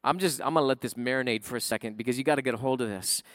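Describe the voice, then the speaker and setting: A man preaching a sermon in a conversational way, often checking in with his listeners with a quick "right?". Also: medium pitch, fairly bright tone, dry recording, clean studio sound. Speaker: pastor.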